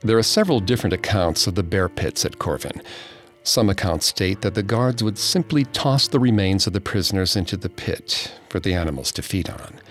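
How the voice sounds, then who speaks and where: Deep-voiced man narrating a grim tale. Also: lively intonation. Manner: slow, grave, hushed delivery. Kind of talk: scripted horror narration. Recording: faint music behind.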